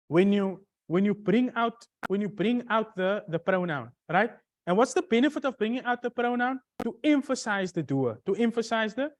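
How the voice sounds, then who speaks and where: Teacher quizzing the class, restarting phrases. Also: mid-range voice. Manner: recites Arabic verses in quick bursts. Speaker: Arabic grammar teacher. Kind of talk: classroom lecture.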